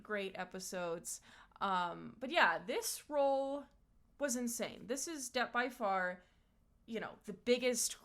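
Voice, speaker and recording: A woman's voice: medium pitch, fairly bright tone. A woman voice actor talking casually and eagerly about her past roles, with many fillers. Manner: chatty and enthusiastic, many fillers.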